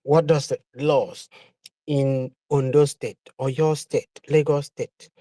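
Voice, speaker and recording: A man making a measured, slightly hesitant point in a live online discussion. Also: mid-range voice, steady tone, mellow, dry recording. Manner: measured, hesitant, with fillers and questions. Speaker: participant in an online audio discussion.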